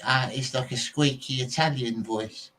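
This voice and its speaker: English male podcast host, mid-pitched, casual and rambling, lots of fillers. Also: unhurried, fairly bright tone, slight background noise, rough recording. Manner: rambling, goes off on tangents, many fillers. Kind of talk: casual chat to viewers.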